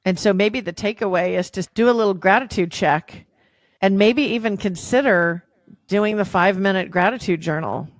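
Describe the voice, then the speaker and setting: A woman's voice: medium pitch, normal speed, no room sound. A woman hosting a podcast, leading a thoughtful casual discussion. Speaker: podcast host. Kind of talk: casual chat.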